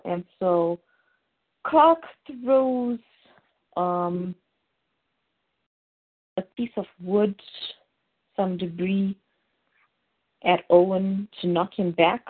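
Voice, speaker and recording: A woman hosting a podcast casually recaps a TV episode, rambling with lots of fillers and restarts. Her voice is medium-pitched, slow, and often paused, coming through a tinny, phone-like line.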